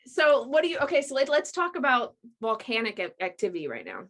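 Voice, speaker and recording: A woman's voice: high voice, huge pitch swings, brisk, fairly bright tone, a little hiss or hum. A woman hosting a podcast, chatting casually with a friend, rambling and full of fillers and restarts. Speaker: podcast host. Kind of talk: casual chat between friends.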